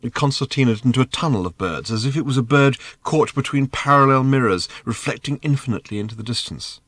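A man narrating an audiobook in measured, lively storytelling. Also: mid-range voice, no echo. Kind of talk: scripted narration.

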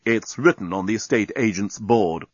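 A man voicing a smug male alien navigational officer who speaks slowly and deliberately, in a storybook reading. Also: on the low side, slightly rough, no echo. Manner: slow, deliberate and superior. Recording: dull lo-fi recording.

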